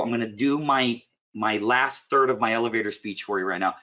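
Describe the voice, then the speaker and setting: A man coaches a client in a loose, one-on-one session, with a bright, forceful edge to his voice. He talks bluntly and with plenty of animation, and he keeps clearing his throat. The recording sounds muffled and lo-fi. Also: medium pitch, fairly quick, hardly any pauses. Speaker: business coach.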